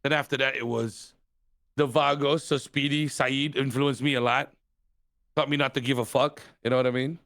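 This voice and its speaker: A man's voice: medium pitch, fairly even intonation, normal speed, fairly bright tone, dry recording, studio quality. A man talking as a podcast guest in casual chat, swearing freely and laughing often.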